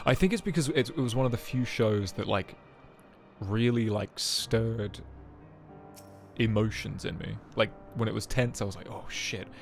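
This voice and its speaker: A man's voice: fairly low pitch, normal speed, creaky. A young adult man streaming a game, chatting casually in a rambling, self-mocking way full of joking asides. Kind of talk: casual live-stream chat. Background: faint game music.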